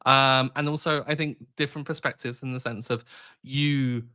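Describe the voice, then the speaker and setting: A man's voice: medium pitch, fairly even intonation, normal speed, sharp tone, smooth. Wry man co-host. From England. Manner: wry, self-mocking. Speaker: podcast co-host. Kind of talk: casual chat.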